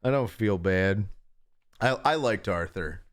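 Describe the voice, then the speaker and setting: A young man chats casually to his livestream audience from home. His voice sits on the low side, and he rambles, chuckles often and trips over his own restarts. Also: lively intonation, unhurried, no echo. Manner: rambling, chuckling, self-interrupting. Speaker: livestream host.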